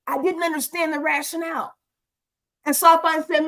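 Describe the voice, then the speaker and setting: A woman's voice: sits high, brisk. A woman co-hosting a talk show on senior care, telling stories with exclamations, lots of fillers. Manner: animated, exclaiming, with many fillers. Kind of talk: casual storytelling chat.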